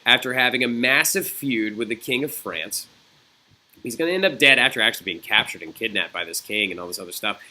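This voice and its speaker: A man's voice: mid-range voice, bright, forceful tone. A man teaching a recorded history lesson in a chatty, digressive way, often checking in with "right?" and "okay?". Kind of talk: recorded classroom lecture.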